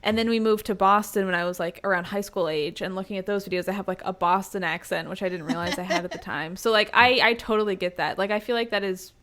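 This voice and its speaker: A woman comedian in casual podcast chat, talking in a lively, chatty way full of "like.". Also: mid-range voice, quick pace, hardly any pauses.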